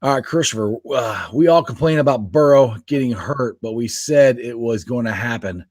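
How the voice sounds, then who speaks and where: A man co-hosting a casual sports podcast, talking in an animated way, laughing often and restarting his sentences. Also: medium pitch, moderate pace, no room sound, studio quality. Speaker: podcast co-host.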